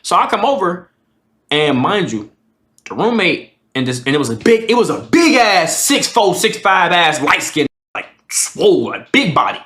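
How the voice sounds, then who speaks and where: Give me a man ranting through a storytime with a bright, tense voice in a roomy space. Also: high-pitched, normal speed. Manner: animated, profane, slangy, acts out the people in his story. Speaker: streamer. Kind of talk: casual storytime.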